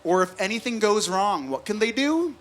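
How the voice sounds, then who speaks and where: A man's voice: high voice, very animated, normal speed, fairly bright tone. A young adult man from the United States doing a conversational stand-up comedy set at a live venue, laughing at his own jokes.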